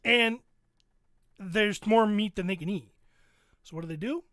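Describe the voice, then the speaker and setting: A man's voice: sits high, unhurried, a bit bright, dry recording, studio quality. A man hosting a podcast, animatedly retelling a show in casual, profane chat. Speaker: podcast host.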